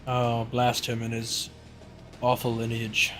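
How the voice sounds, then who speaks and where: A man's voice: medium pitch, completely flat delivery, slow, fairly bright tone, soft background music, voice pushed down. A man voicing a weary old male estate owner who grumbles and confides. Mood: confiding.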